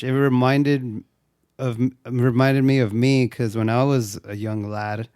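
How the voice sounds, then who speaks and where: A young man from Mexico, a native Spanish speaker, co-hosting a casual movie review chat in a joking, profane, animated way. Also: mid-range voice, unhurried, clear, resonant tone, no echo, clean studio sound. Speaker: co-host.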